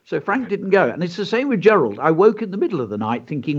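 A host with a high, breathy voice speaks fast on a chatty show, sharing anecdotes and reading aloud a short story he wrote. He's animated and slips into character voices, and the audio has its highs cut off.

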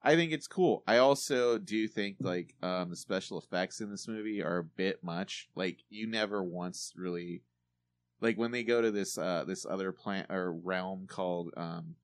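A man's voice: low voice, moderate pace. A man chatting casually about films on a podcast. He rambles, uses a lot of fillers and swears. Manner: rambling, filler-heavy, profane. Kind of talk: casual chat.

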